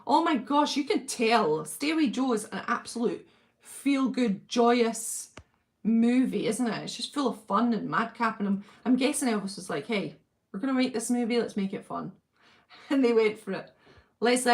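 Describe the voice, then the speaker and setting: Welsh woman host, middle-aged, chatty fan-chat livestream, warm gushing delivery with frequent laughs. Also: fairly high pitch. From Wales. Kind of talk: casual chat reading viewer comments.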